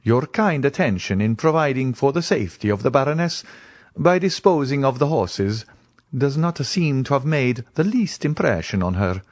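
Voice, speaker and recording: A man voicing a courtly, ironic count in an audiobook, with polished and smoothly courteous speech. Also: mid-range voice, animated, normal speed, no room sound, voice pushed up, close to an everyday voice. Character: suave scheming male count, courtly and ironic.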